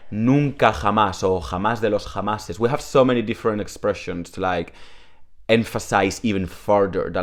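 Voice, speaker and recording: A man whose first language is Spanish, chatting casually through an online Spanish lesson, full of "like" fillers, at home. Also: lowish voice. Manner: chatty, many "like" fillers, talks to his dog. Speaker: language teacher.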